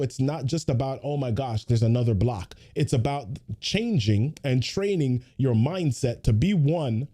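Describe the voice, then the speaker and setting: A man's voice: mid-range voice, warm tone. A man hosting a weekly motivational livestream, giving a pep talk full of repeated rhetorical questions and chatty greetings to viewers.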